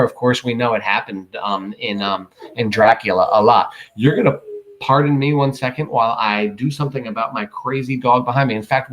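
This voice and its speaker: A man reading a novel aloud, casual, pausing to correct himself and comment. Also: fairly low pitch, a bit bright, poor audio. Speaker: audiobook reader.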